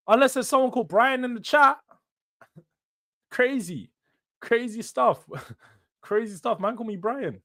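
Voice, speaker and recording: A man's voice: very high-pitched, measured pace, long pauses, a bit bright. A young man with a London accent hosting a casual football live stream, bantering with the chat in slang. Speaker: host.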